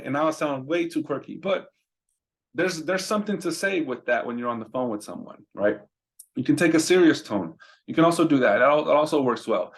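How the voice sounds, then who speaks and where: A man's voice: medium pitch, animated, brisk. A man giving casual instructional talk on answering business calls, conversational and full of repeated "right?" checks. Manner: conversational, repeats words, asks "right?" often. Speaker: roadside business trainer.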